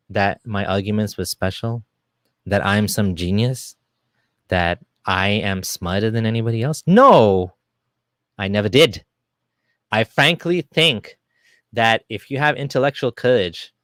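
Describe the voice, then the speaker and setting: A man giving a casual, argumentative monologue to camera, animated and full of fillers and restarts. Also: on the low side, no room sound. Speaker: video creator.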